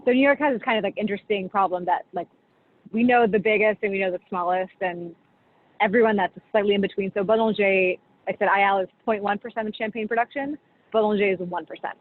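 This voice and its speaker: A woman's voice: medium pitch, fast talker. A woman, a champagne brand director, talking casually over a video call and explaining tasting, with lots of "like" and "you know.". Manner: chatty, full of "like" and "you know". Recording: tinny video call audio with faint hiss.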